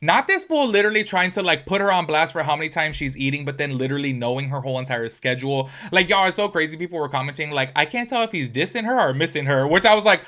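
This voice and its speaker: A man's voice: fairly high pitch, fast, hardly any pauses. A man hosting a reaction video, talking in a casual, gossipy way with lots of "like" and "y'all". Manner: animated, chatty, full of "like" and "y'all".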